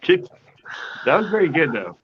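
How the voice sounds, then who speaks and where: An upbeat, chatty man on a live-stream panel who is quick to laugh, heard through dull lo-fi audio. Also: a little high, very animated, a little hiss or hum. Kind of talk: casual live-stream chat.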